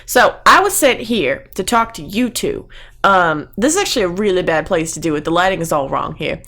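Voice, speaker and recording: A woman voicing a brash, chatty male cowboy adventurer with a put-on Texan drawl, talking smoothly and politely. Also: on the low side, big pitch swings, a little fast, bright, forceful tone, exaggerated voice. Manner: cheerful smooth-talker, overly polite.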